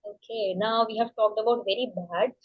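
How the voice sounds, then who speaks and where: Woman student, eager questioner, slightly high voice, muffled video-call sound. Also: fairly even intonation, normal speed. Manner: eager, asks many questions. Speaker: English learner. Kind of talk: casual practice conversation.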